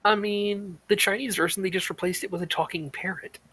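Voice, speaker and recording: A stream co-host chatting casually and excitably, laughing often. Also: medium pitch, brisk, slightly rough. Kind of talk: casual chat.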